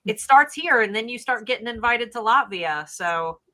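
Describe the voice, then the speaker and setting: A woman talks over a video call in a bright, forceful voice. She co-hosts a relaxed live chat and tells stories with lots of energy, often restarting her sentences. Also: a little high, moderate pace. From United States. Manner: animated storytelling, trips over words. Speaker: co-host of a live Q&A stream. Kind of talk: casual chat.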